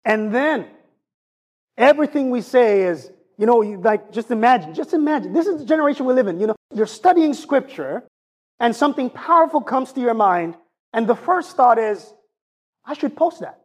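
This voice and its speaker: A man preaching a sermon in an animated, conversational way, often turning to ask his congregation questions. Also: very high voice, moderate pace.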